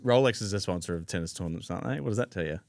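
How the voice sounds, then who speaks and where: A man, co-hosting a parenting podcast, teasing his co-host with quick jokey interjections. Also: deep voice, expressive, creaky, a little mellow, no echo, studio quality. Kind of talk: casual banter.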